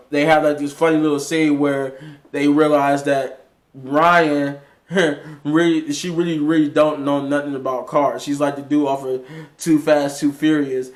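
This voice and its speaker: A man casually recapping a TV episode in a rambling way, with frequent restarts and fillers. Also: fairly high pitch. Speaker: TV episode reviewer.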